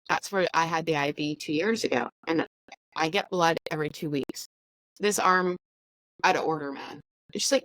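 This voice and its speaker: A woman's voice: on the low side, normal speed, long pauses, no echo, rough recording. Chatty woman telling a story, dry sound. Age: adult with school-age or older children. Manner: chatty, animated, acts out dialogue. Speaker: podcast host sharing her story. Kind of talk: casual storytelling.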